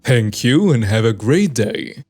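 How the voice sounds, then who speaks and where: A man reading online stories aloud as the regular narrator of a story channel, in a steady scripted voice. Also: medium pitch, measured pace, faint music behind.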